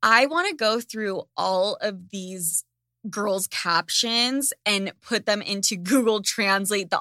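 Brief: woman podcast host, sarcastic rant, bright voice, dry close sound, high-ish pitch. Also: no echo. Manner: animated, sarcastic, swears freely. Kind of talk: casual chat.

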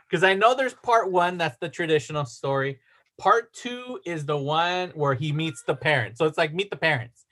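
A man's voice: a little high, normal speed, a bit bright. A man co-hosting a podcast, talking in casual chat and rambling with many restarts while he reads facts aloud. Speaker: podcast co-host.

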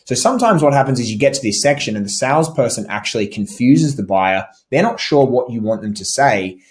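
Man, sales trainer, conversational lesson, loose phrasing, mid pitch. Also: sing-song, a little fast. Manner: conversational, frequent "like" and restarts, demonstrates inflection. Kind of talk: instructional talk over slides.

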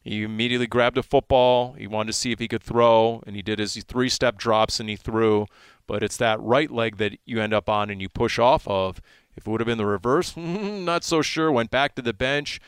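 A man working as a sideline reporter, chatting on a sports radio show and telling animated stories, his voice jumping up when he gets excited. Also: mid-range voice, moderate pace, clean tone, dry recording. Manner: animated storytelling, voice jumps up in excitement.

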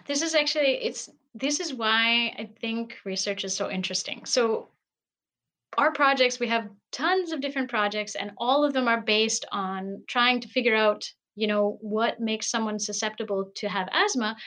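A Canadian woman scientist talking as a guest in an interview, animated and often laughing. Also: fairly high pitch. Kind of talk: conversational interview. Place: at home in Berlin, remote call.

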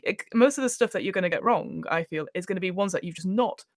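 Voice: mid-range voice, lively intonation, fast, no room sound. A podcast guest who also runs games talks shop about game mastering, chatty and reflective. The speech is full of "you know"s and easy asides. The recording is close and completely dry. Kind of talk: casual podcast chat about tabletop games.

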